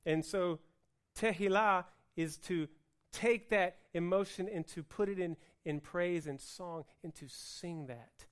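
A man preaching a sermon on Hebrew words for worship, mixing joking asides with loud, emphatic passages. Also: sits high, takes it slowly, smooth. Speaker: pastor.

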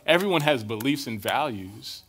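A young adult man delivers a sermon in an easygoing, chatty way. He moves through personal stories and keeps checking in with his listeners. His voice sits at an average pitch for a man. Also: lively intonation, normal speed, a bit bright, a little hiss or hum. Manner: casual, storytelling, keeps checking in with "right?". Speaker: preacher. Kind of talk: conversational sermon.

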